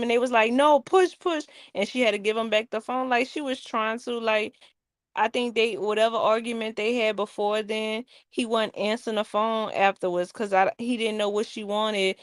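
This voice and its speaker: A woman's voice: on the high side, normal speed, no room sound, studio quality. A woman, co-hosting a casual late-night chat and acting out the people she quotes as she tells a story. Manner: animated storyteller, acts out quotes. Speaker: podcast co-host.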